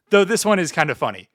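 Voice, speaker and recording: A man's voice: sits high, fairly bright tone. A man chatting casually on a livestream as a VTuber, playful and mock-grandiose, swearing often. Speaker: VTuber streamer.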